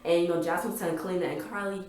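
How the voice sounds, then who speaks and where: A woman giving a rambling, excitable casual recap of a TV episode, full of fillers. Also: on the low side, rapid-fire, reverberant. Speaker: TV recap vlogger.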